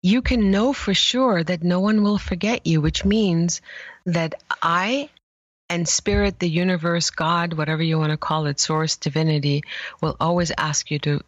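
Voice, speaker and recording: A woman who works as an image therapist, telling stories in an animated way in a conversation. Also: on the low side, normal speed, dry recording, lo-fi sound. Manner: animated storyteller, acts out quoted voices. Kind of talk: conversational interview storytelling.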